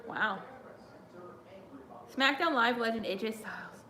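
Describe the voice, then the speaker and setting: A woman's voice: a little high, animated, measured pace, sharp tone. Giggly young woman streamer, roomy echo. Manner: chatty, giggly, reads viewer chat aloud. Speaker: live stream host. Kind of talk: casual watch-along commentary.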